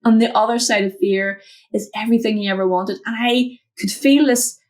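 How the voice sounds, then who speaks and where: A woman mentor, a guest in an interview, telling a personal story from her home office over a video call, acting out the voices in it. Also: moderate pace. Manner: animated, acts out quotes with big pitch jumps.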